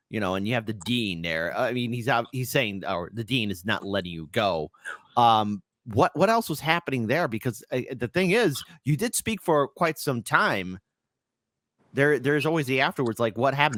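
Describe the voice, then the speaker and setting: A man's voice: medium pitch, no room sound, clean studio sound. Ranting male livestream host. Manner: ranting, rising to loud outbursts. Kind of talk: livestream political talk show.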